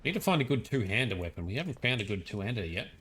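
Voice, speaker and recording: A man's voice: lowish voice, sing-song, rapid-fire, fairly bright tone, a little hiss or hum. A young man with an Australian accent, casually commenting while playing a game, playful and chatty. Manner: chatty, playful, laughing often. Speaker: let's play host.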